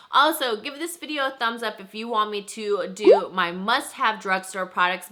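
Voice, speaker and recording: A woman's voice: mid-range voice, pushed and bright. A young woman reviewing makeup to camera in a chatty, enthusiastic way. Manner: chatty and enthusiastic, lots of "like" and "freaking". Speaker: beauty vlogger. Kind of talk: casual product review to camera.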